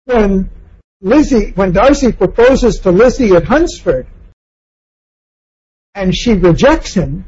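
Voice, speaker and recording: A man's voice: high-pitched, sing-song, slow, long pauses, a little mellow, husky, dull audio. A man giving a reflective lecture on a novel, asking questions and acting out quoted lines in passing.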